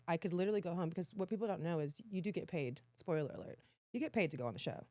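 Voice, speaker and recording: A woman guest in a casual podcast chat who tells her stories with lively energy. Her voice sits a little low, and the sound is dry and close. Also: very fast, no room sound. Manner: animated storytelling, laughs often.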